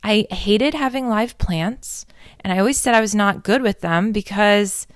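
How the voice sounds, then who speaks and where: A woman's voice: mid-range voice, measured pace, no echo, studio quality. A young adult woman hosting a casual confessional talk, candid and rambling, swearing freely and poking fun at herself.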